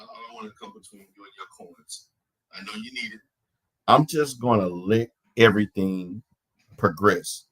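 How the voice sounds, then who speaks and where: A man with a lowish, breathy voice hosts an online panel during a heated live stream, with no echo on the recording. He rants in a mocking, profane way, stammering and repeating his own phrases.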